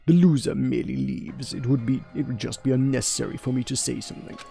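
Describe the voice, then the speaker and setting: A man's voice: medium pitch, fairly even intonation, fast talker, creaky, warm tone, soft background music. A man voicing a grandiose, haughty young man in a posh put-on voice, declaiming formally while playing through a game. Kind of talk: let's play voice acting.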